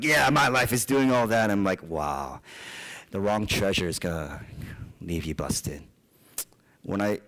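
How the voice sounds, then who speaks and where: Young guy preaching, kinda low voice, chatty storytelling, lots of asides. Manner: conversational, animated storytelling with asides. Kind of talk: sermon with personal stories.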